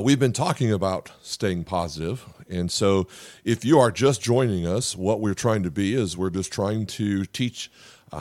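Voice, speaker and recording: A man's voice: sits low, a little mellow, dry recording. A middle-aged man, a pastor and podcast host, giving a sermon in an earnest, conversational way, with frequent "uh" fillers and restarts.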